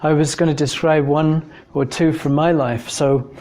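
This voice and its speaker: A man's voice: on the high side, fairly even intonation, moderate pace, a little mellow. A man from England giving an informal talk, telling personal stories in a thoughtful conversational way with frequent fillers. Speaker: speaker giving a talk on evidence for God.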